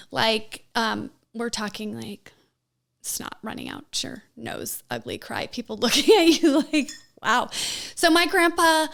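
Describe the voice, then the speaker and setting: A woman's voice: on the high side, creaky, a bit bright. A woman telling her personal story as a podcast guest, emotional and given to laughing, with many fillers.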